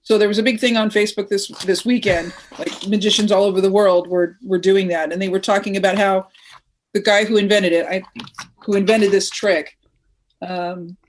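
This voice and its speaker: A woman chats casually on a comedy podcast. She recounts a story with fillers and quick, joking asides. Her voice sits at an ordinary pitch for a woman. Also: steady tone, slight background noise.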